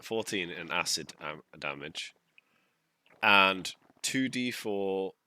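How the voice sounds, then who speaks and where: A man playing a tabletop game talks through his spells and rolls and checks the rules aloud. His voice sits very low yet sounds bright, and the recording is dry and close. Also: animated, slow pace, no room sound. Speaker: player. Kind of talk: casual chat during a tabletop game.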